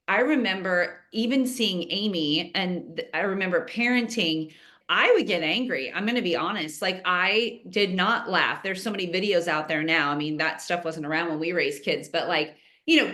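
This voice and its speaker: A middle-aged woman in casual podcast chat, speaking earnestly and straight to her listeners. Her voice sits at an ordinary middle pitch. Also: a bit bright. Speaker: podcast co-host.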